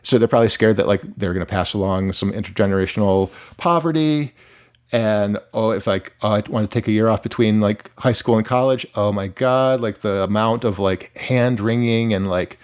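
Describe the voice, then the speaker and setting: A man's voice: lowish voice, normal speed, clean tone. A man in his forties from Michigan, a musician guest talking casually in an interview, rambling with lots of "like" and restarts. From Michigan, USA. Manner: rambling, heavy use of "like", frequent restarts.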